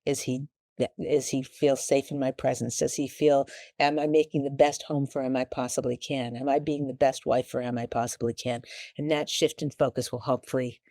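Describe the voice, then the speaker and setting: Talk show host, woman, warm mellow tone, dry close sound, chatty and meandering. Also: rumbling low, level tone, no room sound. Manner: rambling, halting, acts out quoted lines. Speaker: talk show host giving marriage advice. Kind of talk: casual advice talk.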